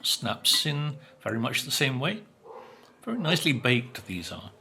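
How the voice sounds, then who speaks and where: A man's voice: medium pitch, sing-song, measured pace, gravelly, bright, forceful tone, slight background noise. An older man, chatting casually while tasting biscuits, musing with plenty of fillers and speaking with his mouth full at times. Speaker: vlogger. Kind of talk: casual food review.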